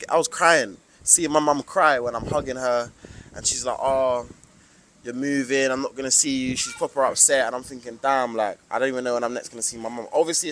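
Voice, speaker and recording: A man's voice: medium pitch, fairly bright tone, slight background noise. A young man from the UK with a British accent, giving an emphatic, preachy motivational monologue to camera with lots of slang. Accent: British English. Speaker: vlogger.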